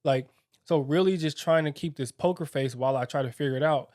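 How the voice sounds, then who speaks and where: Reflective man, halting and candid. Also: fairly high pitch, darkish tone, no echo, studio quality. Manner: reflective, halting, filler-heavy. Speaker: podcast co-host. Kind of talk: candid married-couple conversation.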